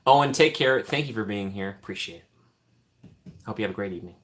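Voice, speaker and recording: A young man talks casually on his live stream, answering viewers in a relaxed, chatty way. He laughs a lot and his voice often drops to a quiet mumble at the end of a thought. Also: lowish voice, brisk. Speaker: livestream host.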